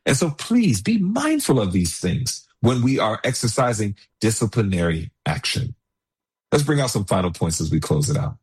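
A man's voice: medium pitch, breathy edge. A man preaching a sermon in an earnest way, reading passages aloud and then speaking freely with many "you know"s. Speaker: pastor.

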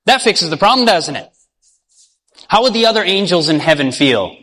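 A male preacher with a high, bright voice, telling a story in a sermon. He acts out the voices in it and keeps asking his listeners questions. His voice rings with long reverb, as in a big hall. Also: big pitch swings, normal speed, a little hiss or hum.

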